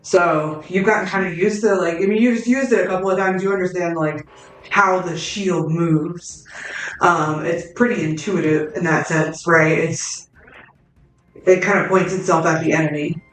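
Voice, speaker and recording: A woman's voice: fairly low pitch, steady tone, moderate pace, distant mic, soft background music. Casual woman game master, echoey room. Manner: casual, filler-heavy, vivid play-by-play. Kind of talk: narrating a tabletop game. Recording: roomy echo.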